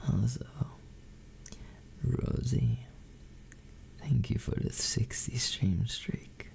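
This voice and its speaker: Man's gravelly, slow whispered role-play. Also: medium pitch, a little mellow. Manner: slow, doting whispers, calls listeners sweetheart. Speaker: streamer greeting chat.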